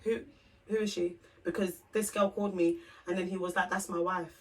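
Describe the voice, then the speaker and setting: A woman's voice: on the low side, a little fast. Candid young woman telling a story. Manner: candid, animated storytelling, acts out both sides of conversations. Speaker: podcast co-host. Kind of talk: casual chat, storytelling. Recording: voice from a distance off the mic.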